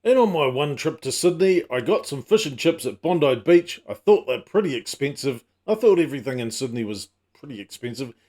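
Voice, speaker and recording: A man's voice: mid-range voice, very animated, fairly quick, few pauses, a little mellow. A middle-aged man hosting a casual comedy vlog, full of wry, self-mocking asides and teasing jokes. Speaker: channel host.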